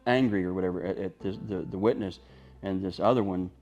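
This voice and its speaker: A man in a casual interview, speaking haltingly with many restarts. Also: deep voice, darkish tone, dull audio, faint music behind. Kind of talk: casual conversation.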